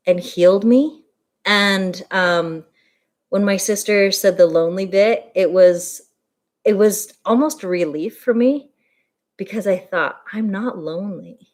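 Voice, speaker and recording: A woman's voice: mid-range voice, slow. A young adult woman talking candidly and emotionally in a personal vlog, rambling with fillers. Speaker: vlogger.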